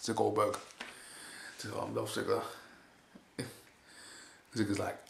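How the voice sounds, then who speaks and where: A man's voice: fairly low pitch, completely flat delivery, takes it slowly, vocal fry. A man giving a casual, rambling spoken recap of a wrestling show. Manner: rambling, repeats "basically", chuckles often. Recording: echoey room with faint hiss.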